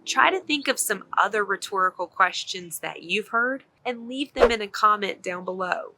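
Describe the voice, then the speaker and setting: A woman teaching an English grammar lesson in a clear, encouraging, scripted delivery. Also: mid-range voice, expressive, normal speed, pushed and bright.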